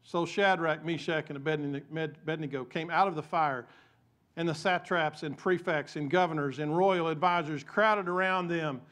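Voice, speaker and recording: A male pastor delivers a sermon in a church, his voice sitting a bit high for a man. He tells stories with frequent restarts and repeated words, and he drops to a soft, low voice when he prays. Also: fairly even intonation, moderate pace.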